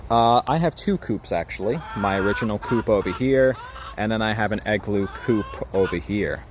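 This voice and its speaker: Chickens cluck and insects chirp as a man from Japan chats on a casual backyard livestream about his flock, shot on a phone camera, softly coaxing his birds in a sing-song voice. His voice is on the low side at a normal pace, and the outdoor phone audio has constant background noise.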